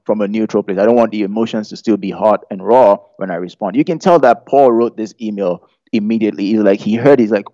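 A man preaches in a loose, conversational way, full of jokes and questions thrown out to his listeners. His voice is mellow and relaxed at a middling pitch. The sound is dry and a little muffled. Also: fast talker, no echo. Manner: humorous, chatty, asks the audience questions. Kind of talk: conversational sermon. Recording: dull lo-fi sound.

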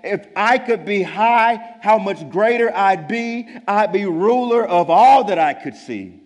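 A pompous, boastful turtle king, read aloud by a man from a rhyming storybook, his voice pitched high and loud. The words come in slow, deliberate rhymes. Long reverb from a big hall hangs on every line. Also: expressive. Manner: pompous, commanding, shouting.

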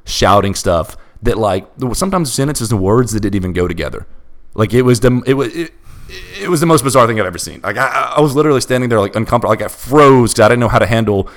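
A man's voice: mid-range voice, lively intonation, fast talker. A young man telling a bizarre personal story in a casual chat, emphatic and restless. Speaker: storyteller guest.

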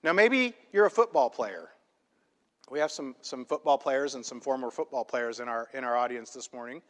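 A male pastor preaching a sermon in a church, emphatic and conversational, often checking in with a quick "right?". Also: mid-range voice, lively intonation. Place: church sanctuary. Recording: long hall reverb in a church.

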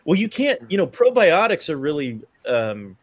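A man's voice: on the high side, big pitch swings, moderate pace. A man guesting on a podcast, chatting casually with many hesitations and fillers. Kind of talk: casual chat.

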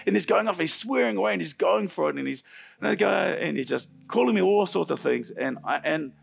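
A middle-aged man preaching a sermon in church, telling a personal story with animated swings from loud to hushed. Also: high voice, brisk, creaky, breathy edge. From New Zealand.

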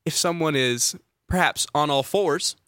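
Animated young man from Georgia. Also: on the high side, a little slow, clear, resonant tone, no echo, clean studio sound. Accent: neutralized Southern US. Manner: animated, playful, acts out quoted voices. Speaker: tour guide. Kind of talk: casual storytelling chat.

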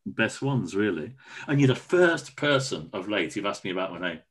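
A man's voice: fairly low pitch, sing-song, normal speed, a bit bright, a little hiss or hum. Man, forties, eager casual chat, lots of repeated words, video call. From Cornwall, England. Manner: enthusiastic, repeats words often. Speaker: podcast guest. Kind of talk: casual conversation.

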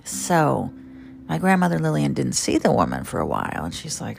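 A woman's voice: rumbling low, wildly swooping pitch, normal speed, vocal fry. A middle-aged woman telling family stories in a conversational, humorous way with asides to listeners, guitar music behind her. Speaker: storyteller. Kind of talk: storytelling on a radio podcast.

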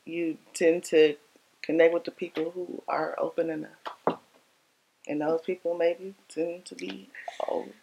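A young woman with a deep voice co-hosts a casual podcast chat. She talks in a laid-back way and often trails off mid-sentence. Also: little pitch movement, unhurried, vocal fry, a little mellow, muffled recording, slight background noise. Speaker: podcast co-host.

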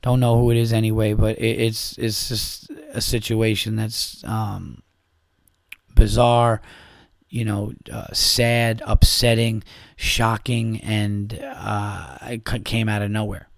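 A man hosting a podcast by himself speaks slowly in a gravelly, fairly low voice with a level tone. The studio sound is clean and echo-free. His casual monologue runs on, exasperated and profane, with many restarts and asides.

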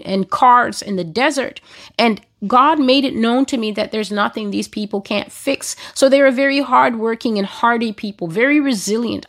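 A woman blogger recounting prophetic visions in an earnest, deliberate way, now and then stumbling and restarting a phrase. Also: on the high side. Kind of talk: spoken prophetic testimony.

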